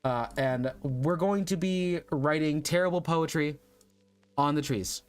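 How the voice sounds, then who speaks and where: A man's voice: a little high, measured pace, clear, resonant tone, faint music behind. A man streaming casually, thinking aloud and rambling as he works. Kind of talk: casual livestream chat.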